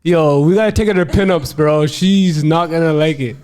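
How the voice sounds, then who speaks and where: A man's voice: on the high side, moderate pace, a little mellow. A man hosting a casual podcast, teasing his guest in a laid-back way.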